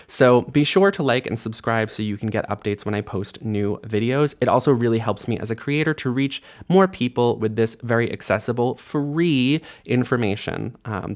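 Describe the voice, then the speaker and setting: A man teaching an online language lesson in a casual, friendly way, explaining grammar and repeating words aloud for practice. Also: medium pitch. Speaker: Hebrew teacher.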